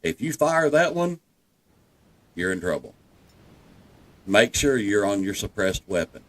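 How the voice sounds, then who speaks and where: Folksy Southern man with a lively voice. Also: fairly low pitch, measured pace. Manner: folksy and reassuring, addresses viewers as folks. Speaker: gameplay guide. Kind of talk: walkthrough commentary over gameplay.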